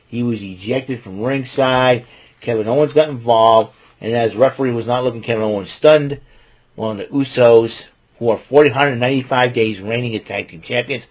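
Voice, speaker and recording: A man hosting his own wrestling show, recapping matches and giving picks in a rambling, chatty way. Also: medium pitch. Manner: rambling, chatty, restarts and fillers. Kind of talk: casual solo recap and predictions.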